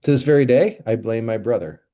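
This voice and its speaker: A man's voice: medium pitch, expressive, brisk, warm tone. A man who is a pastor, hosting a podcast in easygoing casual chat and rambling through stories. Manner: easygoing, chuckles, rambling storytelling.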